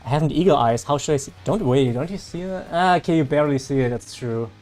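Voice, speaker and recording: A German-accented man hosts a casual game stream, chatting straight to his viewers. His voice sits slightly high, and he often stops and restarts his sentences as he answers them. Faint music plays behind him. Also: fast, a little mellow. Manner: chatty, answers chat aloud, self-correcting restarts. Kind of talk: casual live-stream chat.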